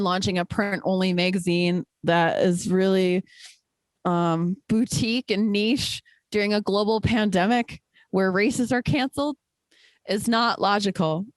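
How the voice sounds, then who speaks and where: A woman's voice: medium pitch, no echo. Candid, emphatic woman, dry sound. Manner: candid and emphatic, many fillers. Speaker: guest, trail ultrarunner. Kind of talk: casual interview chat.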